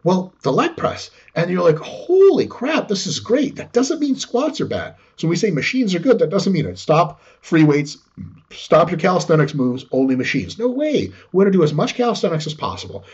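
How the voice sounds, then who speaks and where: A man talking as a guest expert in a casual, profane, animated way, acting out quotes as he explains. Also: fairly high pitch, brisk, slightly rough. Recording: dull lo-fi sound.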